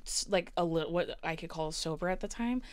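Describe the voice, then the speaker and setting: A woman's voice: on the low side, brisk, dry recording. A woman co-hosting a podcast, recalling a night out in casual chat. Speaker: podcast co-host.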